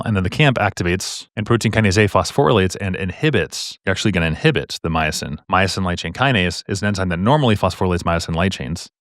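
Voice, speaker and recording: A man tutoring medical exam questions, walking through answers in a casual, jokey lecturing way with quick asides. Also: deep voice, a bit bright, dry recording, studio quality. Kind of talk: explaining practice exam questions.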